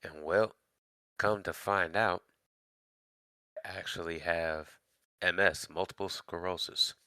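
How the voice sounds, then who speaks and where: A man's voice: low-pitched, fairly even intonation, takes it slowly, pushed and bright, dry recording. A man, a podcast guest and voice actor, telling his personal story in an easygoing casual chat.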